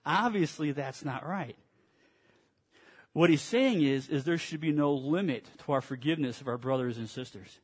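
A man's voice: fairly high pitch, moderate pace, breathy edge. A male pastor preaching a morning sermon, retelling scripture in a storytelling way with touches of dry sarcasm.

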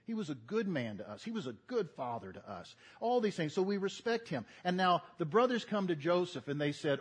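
A man's voice: a little high, very animated, brisk, breathy edge. An older man preaching a sermon, folksy and earnest, building to emphatic repetition. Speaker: pastor.

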